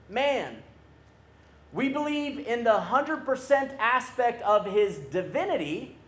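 A man with a high voice preaches slowly and deliberately to a youth camp crowd. He is animated and keeps calling on the audience to answer him. His voice rings out in a roomy hall with audible echo. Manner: animated, calls for crowd responses. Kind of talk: sermon.

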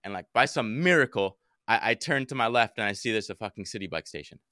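A young man telling a story in casual podcast chat, animated and swearing a lot. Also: on the low side, quick pace, dry recording, studio quality. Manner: animated, heavy swearing, acts out his own shouts. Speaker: podcast co-host.

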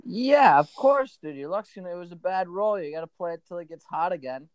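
A man's voice: high-pitched, animated, a little fast, clear, resonant tone, no room sound. A young man co-hosting a casual podcast, reacting to the story and asking follow-up questions. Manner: reactive, asks follow-up questions, laughs along. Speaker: podcast co-host. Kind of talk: casual chat.

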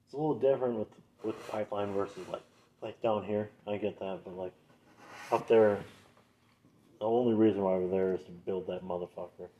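A man's voice: on the low side, steady tone, a little fast, warm tone, a little hiss or hum. A young man with a Minnesotan accent, telling loose, profanity-heavy stories in a casual podcast chat. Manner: loose, swearing, laughing storyteller. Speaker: podcast co-host. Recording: dull lo-fi sound.

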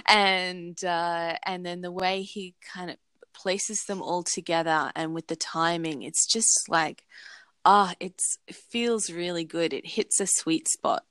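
A woman's voice: fairly low pitch, fairly bright tone, no room sound. A woman co-hosting a podcast in casual chat, rambling and searching for words. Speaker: podcast co-host.

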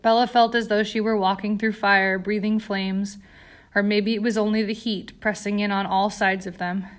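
A woman's voice: medium pitch, level tone, normal speed. Woman reading a dramatic story aloud. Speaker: narrator. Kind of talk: audiobook narration.

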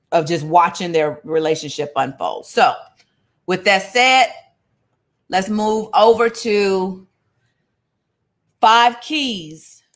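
Slow-talking woman teaching scripture. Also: medium pitch. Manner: lively and conversational, calling out to listeners. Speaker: Bible study teacher. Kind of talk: casual sermon-style Bible teaching.

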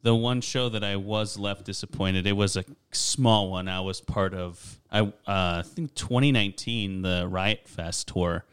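A man's voice: on the low side, a little slow, few pauses, fairly bright tone, clean tone. A man co-hosting a music podcast, telling stories in casual chat with some swearing. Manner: storytelling, swearing. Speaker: podcast co-host.

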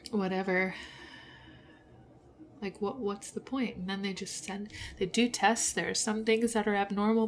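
A woman's voice: medium pitch, gravelly, slight background noise. A woman hosting a personal podcast, venting her frustration in an emotional monologue with bitter laughs, close to tears at moments. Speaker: podcast host.

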